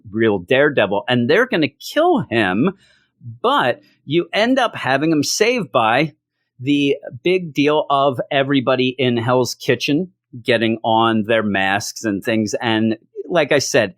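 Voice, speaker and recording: A man's voice: medium pitch, dry recording. Jokey man reviewing comics, dry sound. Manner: jokey, animated, acts out quotes from the story. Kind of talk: casual video review.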